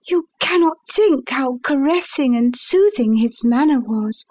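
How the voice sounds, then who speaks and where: A woman with a high voice narrates a classic tale in the first person. Her reading is measured and expressive, paced like a storyteller. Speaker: audiobook reader.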